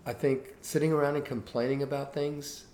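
Brisk and mid-range, the voice belongs to a Cuban-born man in his sixties who speaks without an accent. As an interview guest he relates his anecdotes earnestly and with animation, in an echoey room with faint hiss behind him.

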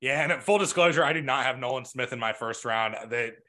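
A man's voice: mid-range voice, brisk, bright, forceful tone. A man co-hosting a casual football podcast, chatty and loose, with frequent laughs and asides. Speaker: podcast co-host.

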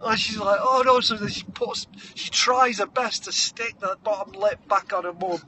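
A man, co-hosting a podcast and spinning an animated comic story, breaking into shouted character voices and hummed tunes. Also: high-pitched, moderate pace, a little hiss or hum. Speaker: podcast co-host.

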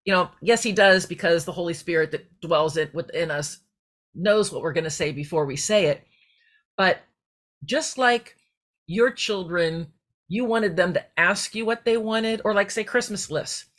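A woman's voice: fairly low pitch, moderate pace, fairly bright tone. Heartfelt rambling woman podcaster. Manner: rambling, heartfelt, digressive, with restarts. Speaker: podcast host. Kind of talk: faith-based personal podcast talk.

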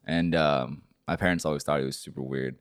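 Low-voiced guy rambling a story. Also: fairly even intonation, brisk, dry recording, studio quality. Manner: rambling storyteller, swears a lot, gets loud telling stories. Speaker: podcast co-host. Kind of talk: casual chat.

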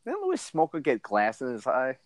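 A man's voice: huge pitch swings, moderate pace, no echo. A man co-hosting a casual podcast, rambling in crude jokes with lots of fillers and restarts. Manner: rambling, crude joking, many fillers and restarts, jumpy pitch. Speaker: podcast co-host.

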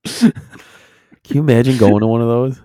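A man's voice: medium pitch, normal speed, mellow, dry recording, clean studio sound. A man co-hosting a podcast, chatting casually and laughing as he tells old stories. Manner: laughing, reminiscing storyteller. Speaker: podcast co-host. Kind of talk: casual chat.

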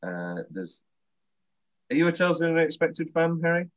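A man's voice: on the high side, very animated, moderate pace, rough recording. A man hosting a podcast, chatting enthusiastically and laughing often. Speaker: podcast host. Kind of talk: casual chat.

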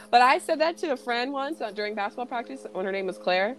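A woman's voice: fairly high pitch, fast, a little hiss or hum. Chatty woman co-hosting a podcast. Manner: animated, acts out movie lines while laughing. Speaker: podcast co-host. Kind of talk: casual chat.

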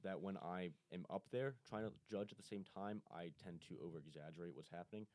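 Young male amateur comic, very low voice, quick hesitant chatter. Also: a little mellow. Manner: hesitant, restarts, self-deprecating. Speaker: podcast co-host, amateur comedian. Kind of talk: casual chat. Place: studio.

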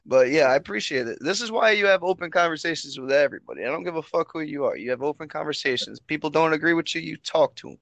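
Swearing, animated man in casual chat. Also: a little high, fast talker, vocal fry, few pauses, no room sound. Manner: heavy swearing, animated storytelling. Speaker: podcast host.

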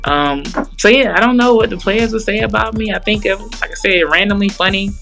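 Young woman coach chatting easy, kinda gravelly, bright punchy tone, faint music behind. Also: medium pitch, fairly quick, rough recording. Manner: laid-back, chatty, acts out quoted players. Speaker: assistant basketball coach, guest. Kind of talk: casual interview chat.

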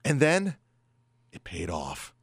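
A man co-hosting a casual wrestling podcast, talking fast and acting out what others said. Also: medium pitch, creaky, slightly rough, no echo, studio quality. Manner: animated, acts out quoted lines. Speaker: podcast co-host.

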